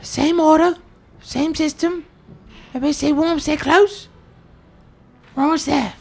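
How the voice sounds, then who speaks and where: A woman's voice: high voice, steady tone, unhurried. A woman player speaking in character, urgently taking charge of her group. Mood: commanding. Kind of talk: in-character tabletop role-play.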